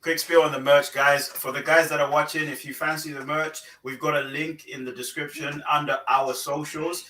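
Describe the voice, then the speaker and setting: A man co-hosting a casual podcast, breaking in briskly to read viewer comments and pitch the merch. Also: flat delivery, pushed and bright, roomy sound, recorded from a distance. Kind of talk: casual panel chat.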